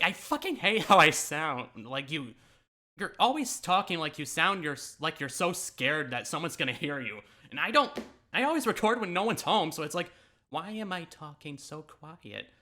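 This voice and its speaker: Bright-voiced laughing YouTuber man. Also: fairly high pitch. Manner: self-mocking, laughs often, swears. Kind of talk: casual reaction commentary.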